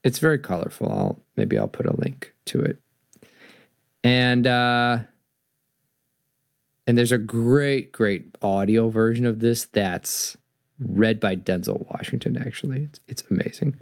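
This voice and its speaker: A man's voice: medium pitch, measured pace, creaky. A man hosting a storytelling lecture, reading a story aloud and musing on its meaning with frequent restarts. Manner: animated, musing, full of restarts. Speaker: host.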